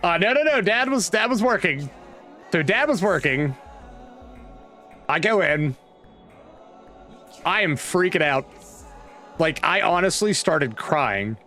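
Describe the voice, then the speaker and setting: A man's voice: fairly high pitch, sing-song, slow pace, pauses often, pushed and bright, faint music behind. A man from Virginia, casually telling a rambling childhood story with restarts and asides. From West Virginia, USA. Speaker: vlogger. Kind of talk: casual storytelling while browsing a map.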